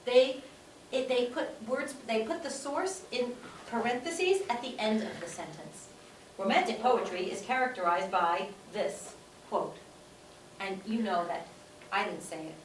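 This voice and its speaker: Woman teacher, higher voice, talks to her class, repeats herself for emphasis, recorded on a distant mic in a roomy classroom. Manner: repeats points for emphasis, checks in with "okay?". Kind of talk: classroom lecture. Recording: echoey room, distant mic, faint room noise.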